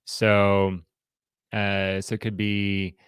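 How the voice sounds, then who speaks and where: A man counseling a group in an informal teaching talk, halting and often restarting his sentences. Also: on the low side, monotone, clean tone, dry recording, studio quality. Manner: halting, with frequent restarts and repeated words. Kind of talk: informal teaching talk with role-played examples.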